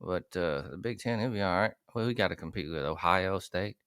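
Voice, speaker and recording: A man's voice: low voice, fairly quick, a bit bright, clean tone, no echo, studio quality. A man hosting a podcast, rambling and swearing in crude casual chat. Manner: profane, rambling, laughs a lot. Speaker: podcast host.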